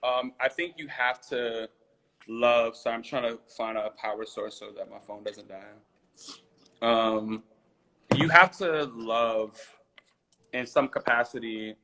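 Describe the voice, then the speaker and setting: A man's voice: mid-range voice, steady tone, takes it slowly, bright, forceful tone, rough recording. Easygoing male guest on a call. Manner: chatty, easygoing, a bit scattered. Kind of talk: casual interview chat. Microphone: remote call.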